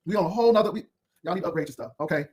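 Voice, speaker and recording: A man with a notably high voice rattles off sassy, cutting commentary at a breakneck clip. He rambles from one put-down to the next as he hosts his own video. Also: rapid-fire, darkish tone, slight background noise. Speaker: YouTube commentary host. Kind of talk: unscripted drama commentary.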